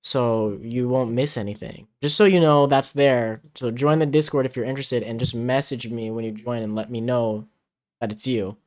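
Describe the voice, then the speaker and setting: Mid-range and a bit mellow, this male co-host's voice holds a steady tone at a moderate pace. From a home in the Philippines he chats on a casual livestream and reads viewers' comments aloud, captured by a camera-mounted mic out of frame.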